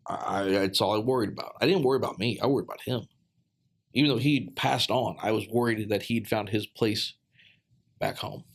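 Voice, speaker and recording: Halting, earnest man with a lowish voice. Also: husky. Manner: halting and earnest, with frequent fillers and restarts. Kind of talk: personal storytelling in casual podcast chat.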